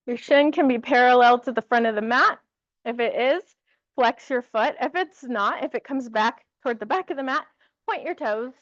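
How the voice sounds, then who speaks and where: A woman teaching a yoga class, giving calm, encouraging cues and laughing lightly now and then. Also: fairly high pitch, moderate pace, no echo, dull audio. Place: yoga studio with music.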